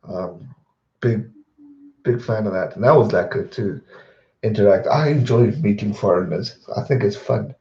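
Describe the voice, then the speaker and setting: A man hosting a livestream, casually chatting and answering viewers' questions with a rambling, relaxed manner. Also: fairly low pitch, normal speed, reverberant, highs cut off. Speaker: livestream host.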